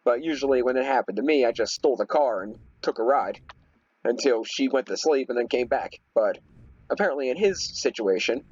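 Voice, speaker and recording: A man's voice: medium pitch, expressive, a little fast, a little mellow, husky, muffled recording. A young man rambling casually through a story while playing a game, with lots of fillers and restarts. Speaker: gaming video host. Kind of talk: casual storytelling over gameplay.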